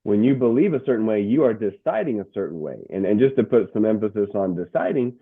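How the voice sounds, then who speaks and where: Guest: middle-aged male coach, lowish voice, tinny phone-line sound, animated, trips over repeats. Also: quick pace, husky. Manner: animated, stumbling restarts and word repeats. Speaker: guest, motivational speaker and coach. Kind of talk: casual interview storytelling.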